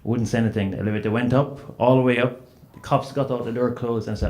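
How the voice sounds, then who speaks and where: A man from Jamaica with a Jamaican accent, telling anecdotes as a panelist, animated and full of "you know" fillers. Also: medium pitch, fast talker. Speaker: panelist author. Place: event hall at a book festival panel. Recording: roomy hall sound with faint noise.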